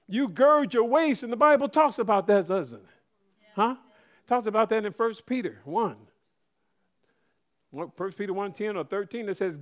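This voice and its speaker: A man's voice: high-pitched, animated, moderate pace, long pauses, muffled recording. A middle-aged man preaching a conversational sermon, calling out to the congregation.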